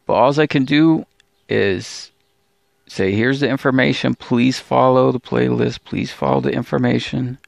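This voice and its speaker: A man's voice: mid-range voice, steady tone, measured pace, gravelly, dry recording, clean studio sound. A man hosting a religious video channel, speaking in a discouraged, pleading monologue full of stammered restarts and repeated appeals. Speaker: Bible teacher and channel host. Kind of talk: emotional religious vlog monologue.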